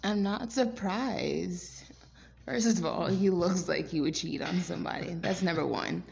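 A woman's voice: on the low side, unhurried, vocal fry, darkish tone. A woman co-hosting a podcast, chatting in a laid-back way and laughing now and then. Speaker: podcast co-host. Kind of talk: casual podcast chat. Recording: dull lo-fi sound with faint noise.

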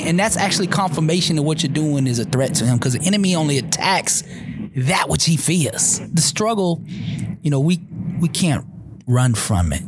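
A man, a guest motivational speaker, telling a personal story of faith in an animated, preacher-like way with lots of repetition. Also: on the high side, brisk, noisy background. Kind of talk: conversational storytelling testimony.

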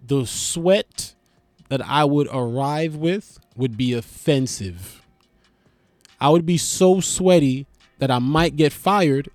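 A man doing a comedic monologue, animated and profane, riffing with lots of restarts. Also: on the high side, no echo. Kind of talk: stand-up style comedic monologue.

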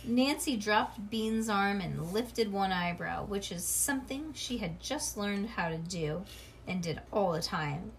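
A woman reading a children's storybook aloud, animated, with asides to a child listening. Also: mid-range voice, unhurried, slight background noise. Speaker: reader.

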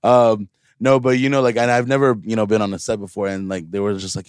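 Lowish-voiced young man, rambling chatter. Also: little pitch movement, fast talker, clear, resonant tone, no echo, studio quality. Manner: rambling storytelling with many fillers. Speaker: podcast guest. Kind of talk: casual chat.

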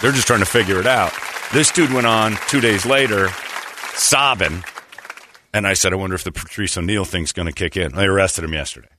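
A man's voice: low-pitched, fairly quick, a crowd in the background, background noise. A man hosting a podcast, telling rambling comedic stories with frequent laughs and asides. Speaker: podcast host. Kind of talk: casual comedic storytelling.

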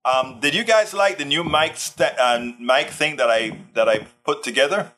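Pushed and bright at normal speed, his mid-range voice carries a relaxed, wandering livestream from a Texan host. Worn out with an aching back, he chats loosely and reads viewers' comments aloud.

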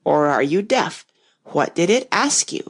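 A woman voicing a very old male frog servant who speaks in a deep, hoarse whisper with a slow drawl. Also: big pitch swings, exaggerated voice. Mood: grumbling.

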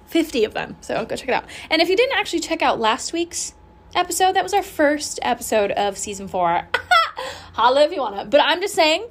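A woman hosting her own podcast, chatting casually in a bubbly, rambling and candid way, swearing freely. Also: sits high. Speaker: podcast host. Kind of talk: casual solo podcast chat.

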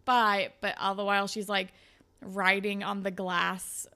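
Bright, animated young woman recapping. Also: medium pitch, a little slow. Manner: animated, swears, acts out characters' lines. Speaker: podcast co-host. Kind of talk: casual recap chat.

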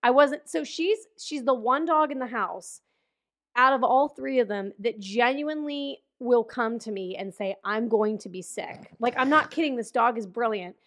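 A woman's voice: fairly high pitch, moderate pace, a bit bright. A woman co-hosting a podcast in casual chat, rambling with many fillers and restarts. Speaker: podcast co-host.

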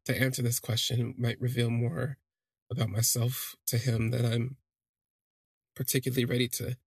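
Reflective man with a creaky husky voice. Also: mid-range voice, flat delivery, moderate pace, no echo. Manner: reflective, hesitant, frequent restarts. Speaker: storyteller. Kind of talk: first-person storytelling podcast.

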